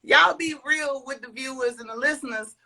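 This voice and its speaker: A woman's voice: sits high, normal speed, gravelly, sharp tone. A woman hosting a casual podcast, frank and blunt as she asks questions. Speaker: podcast host.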